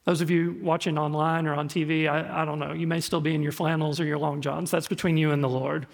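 Man, pastor, sermon, storytelling, gravelly, echoey church hall. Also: fairly high pitch, little pitch movement, fast talker. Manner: storytelling, conversational, repeats words. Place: church sanctuary.

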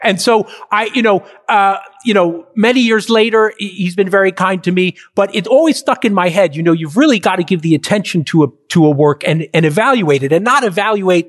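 A man's voice: high-pitched, a little fast, few pauses. A middle-aged man, a filmmaker and interview guest, talking casually and telling stories with lots of fillers. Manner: animated storyteller, acts out quotes. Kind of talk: conversational interview.

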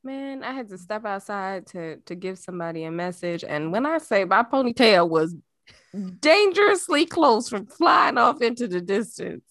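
A woman's voice: medium pitch, sing-song, normal speed, fairly bright tone, no echo, studio quality. A woman co-hosting a podcast in casual chat, blunt and exasperated, swearing freely. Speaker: podcast co-host.

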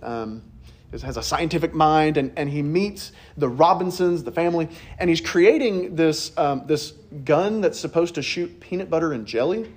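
A man's voice: fairly high pitch, a little mellow. Conversational male preacher, storytelling. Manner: conversational storytelling, acts out quoted voices. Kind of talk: sermon.

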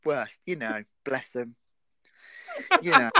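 A British man co-hosting a casual chat, camp and playful, laughing often and slipping into quick put-on voices. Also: medium pitch, wildly swooping pitch, gravelly, pushed and bright, no room sound. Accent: British English. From Britain. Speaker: co-host.

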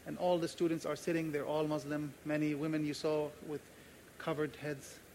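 A man's voice: on the high side, flat delivery, moderate pace, darkish tone, a little hiss or hum. A man pastor preaching a sermon, earnest and emphatic, repeating key phrases and telling personal stories.

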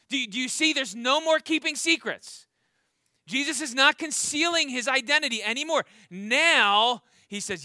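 Casting: male pastor, high and very bright voice, earnest sermon delivery with questions to the congregation, dry close sound. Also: lively intonation, moderate pace, dry recording. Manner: earnest, repeats words when starting a thought.

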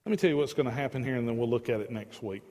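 In a church sanctuary, a man delivers an evening sermon as pastor, speaking rapid-fire in a dark, medium-pitched voice. He is earnest and emphatic, with pleading asides, and long hall reverb trails his words.

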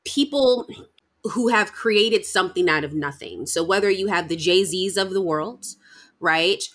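A woman hosting a podcast who tells stories in an animated way and laughs often. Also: on the low side, unhurried. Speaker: podcast host. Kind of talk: conversational interview.

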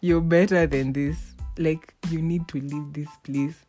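A woman's voice: deep voice, measured pace, soft background music. A young woman, chatting casually and telling stories, acting out the people she quotes and laughing often. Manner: animated, laughing, acts out quoted voices. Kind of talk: casual storytelling chat.

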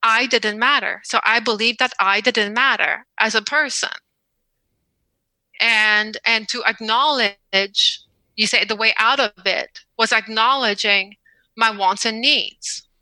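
A woman guest on a podcast interview, telling a personal story in an earnest, measured way and slowing down on the words that matter. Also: fairly high pitch, sharp tone, no room sound, rough recording.

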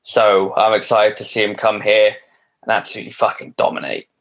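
A man co-hosting a football podcast, speaking in a flat monotone. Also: lowish voice, brisk. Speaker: podcast co-host. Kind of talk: casual football podcast chat.

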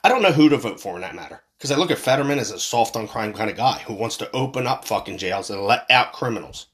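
A man's voice: on the low side, expressive, fast, a bit bright. A man from Philadelphia delivering a heated, profane monologue, repeating himself as he builds up steam. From Philadelphia, USA. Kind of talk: angry political rant.

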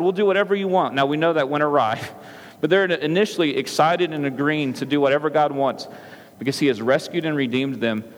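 Man, thirties, pastor, conversational sermon, church sanctuary, reverberant. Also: a little high. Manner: conversational preaching, frequent "right?" asides. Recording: long hall reverb.

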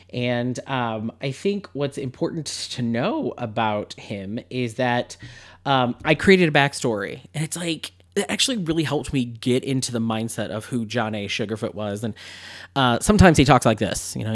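A man hosting a podcast, chatting casually and reading a story aloud with playful asides and frequent laughs. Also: medium pitch. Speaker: podcast host.

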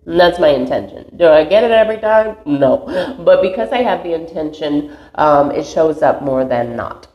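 Low-voiced lady rambling about faith and her inner self, earnest, echoey room, kinda muffled. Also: lively intonation, normal speed. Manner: meandering, earnest, laughs at herself. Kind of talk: reflective spiritual monologue. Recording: roomy echo, slightly dull sound.

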